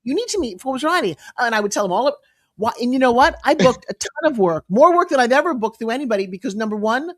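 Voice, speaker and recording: A woman in her fifties telling her story as a guest, lively and confiding, acting out quotes and dropping into whispers. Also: a little high, fast. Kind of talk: animated storytelling chat.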